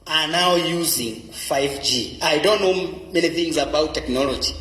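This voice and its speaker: This Kenyan-accented pastor speaks a little high, a little slow, and somewhat bright, delivering an emphatic sermon that leans on repeated key phrases. It's recorded in an echoey hall where the reverb lingers.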